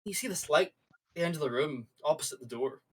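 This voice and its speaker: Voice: medium pitch, expressive, fairly quick, a bit bright, husky, poor audio. A game master narrating a tabletop game in a loose, rambling way, full of fillers.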